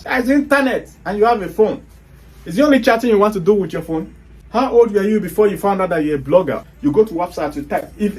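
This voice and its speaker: Nigerian guy, pretty high voice, lecturing hard and scolding, lots of rhetorical questions. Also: a little mellow. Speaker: online business speaker. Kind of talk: motivational talk to viewers.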